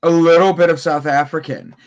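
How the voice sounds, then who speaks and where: Man, show host, upbeat, slightly high voice, stretches his greetings. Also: fairly even intonation, highs cut off. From Cleveland, Ohio. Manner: upbeat, showy greetings, drawn-out words. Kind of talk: live morning show chat.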